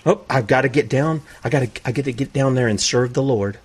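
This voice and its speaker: A man voicing a hurried, self-important religious official who mumbles excuses as he brushes someone off. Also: medium pitch, husky, pitched below the performer's own voice, lightly acted. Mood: dismissive.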